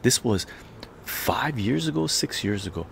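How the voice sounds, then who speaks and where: A man's voice: mid-range voice, expressive, measured pace, vocal fry, fairly bright tone, slight background noise. A man telling a story in a heated, profane live-stream rant. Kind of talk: ranting live-stream monologue.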